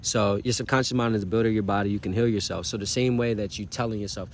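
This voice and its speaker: Earnest slangy man, low voice. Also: steady tone, fast, a little hiss or hum. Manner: loose slangy delivery, says "bro" and "you feel me" often; earnest, encouraging. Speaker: vlogger. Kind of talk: casual motivational self-talk.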